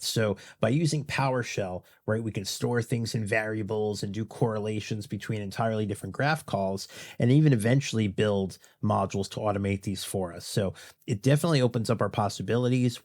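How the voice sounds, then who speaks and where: A man's voice: fairly low pitch, a little mellow, no room sound. A man hosting a tech tutorial in a loose, rambling way, full of "you know"s and "uh"s. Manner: rambling, filler-heavy, with many "you know"s and "uh"s. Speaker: tech YouTube host. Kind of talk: casual tutorial talk.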